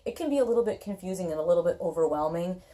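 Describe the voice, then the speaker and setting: A woman's voice: on the low side, animated, rapid-fire, mellow. A woman doing a casual tarot reading, chatty and reassuring, often checking in with "okay?". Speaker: tarot reader.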